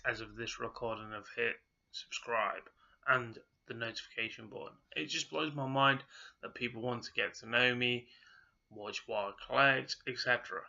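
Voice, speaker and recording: A man's voice: mid-range voice, creaky, bright, forceful tone, muffled recording. Groggy-throated man vlogging casually. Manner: rambling, with frequent restarts. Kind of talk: casual vlog update.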